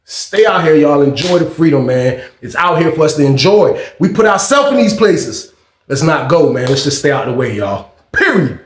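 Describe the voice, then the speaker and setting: A man in his thirties telling a prison story in a loose, profane, animated way, acting out the other people's shouts as he goes. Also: a little high, normal speed, reverberant. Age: 30s. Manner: animated, swearing, acts out shouts and screams of others. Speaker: storyteller host.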